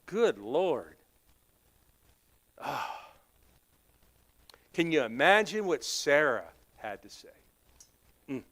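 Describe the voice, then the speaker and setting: A man with a Southern accent, preaching in a church sanctuary. His voice sits high and comes across smooth and clear. He tells humorous stories, acts out both sides of each conversation, and calls out people in the pews by name. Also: fairly bright tone. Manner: storytelling, acting out dialogue, teasing the congregation by name. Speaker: pastor. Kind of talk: sermon.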